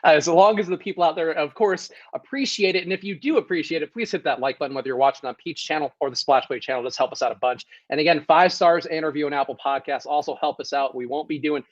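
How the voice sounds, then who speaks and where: A man co-hosting a casual sports podcast, talking quickly and laughing a lot. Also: a little high, muffled recording. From Sicilian family background. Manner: laughs often, fast and animated. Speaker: podcast co-host. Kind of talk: casual chat.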